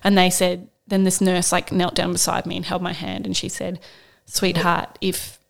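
A woman's voice: on the low side, monotone, a little fast, gravelly. A young woman co-hosting a podcast, telling a personal story in a candid, rambling way with lots of fillers. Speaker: podcast co-host. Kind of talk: casual storytelling chat.

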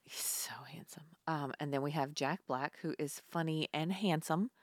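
Woman co-host, low pitch, blunt and animated, dry recording. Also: normal speed, no room sound. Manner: animated, blunt, swears freely. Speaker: podcast co-host. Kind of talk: casual chat.

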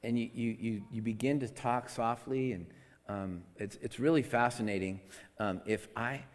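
A man delivers a sermon through a microphone in a conversational, confessional way, stumbling over restarts and swinging from loud emphasis to soft near-whispers. His voice sits at an ordinary middle pitch for a man. The sound rings with the long reverb of a large hall. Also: steady tone, moderate pace. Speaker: pastor. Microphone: amplified microphone.

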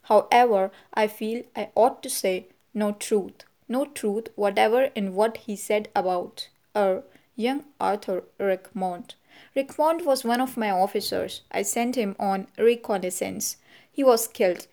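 A woman reading the part of a gruff elderly army general who barks in clipped, halting phrases. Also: medium pitch, mellow, lightly acted. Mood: stiff, indignant.

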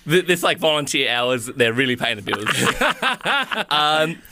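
A man's voice: a little high, takes it slowly, crowd noise. A young Australian man co-hosting a breakfast radio show in a casual, upbeat way. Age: young adult. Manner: upbeat, lively presenter. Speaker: radio co-host.

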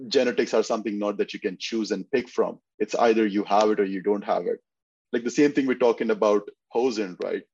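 A man's voice: lowish voice, a little mellow, no room sound, lo-fi sound. A man guest on a podcast, chatting casually and telling long stories with restarts. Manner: storytelling, lots of restarts and fillers. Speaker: bodybuilder guest.

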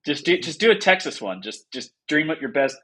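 Husky man with a lively, teasing delivery. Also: a little high, a little fast. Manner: jokey, laughs easily, teasing. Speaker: podcast co-host. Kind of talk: casual chat.

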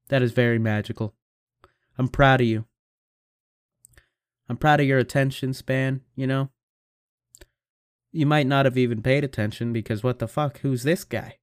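A man's voice: mid-range voice, clear, resonant tone, no echo, clean studio sound. A young man in his late teens hosting a casual solo podcast from a home mic setup, rambling and swearing with self-mocking humor. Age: young adult. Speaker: podcast host. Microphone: home computer microphone.

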